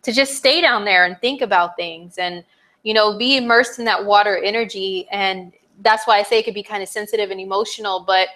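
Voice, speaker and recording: A young woman astrologer chats casually with her viewers as she gives a forecast, lively and full of playful exclamations and fillers. Her pitch sits in the middle and she speaks briskly.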